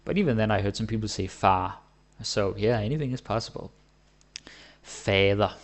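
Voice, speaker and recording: A man talks through a language lesson in an easygoing, conversational way. His voice sits a bit low and has a gravelly, creaky edge. He keeps checking in with his listeners as he goes. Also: quick pace. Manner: relaxed, chatty, often asks "right?". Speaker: Danish language teacher. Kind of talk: casual explanatory lesson.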